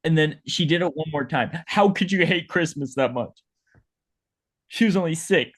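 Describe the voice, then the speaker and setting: A man's voice: fairly high pitch, moderate pace, natural voice. A man playing a self-pitying dead hot dog vendor who rambles melodramatically in an improvised comedy bit. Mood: melodramatic. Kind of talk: improvised comedy role-play.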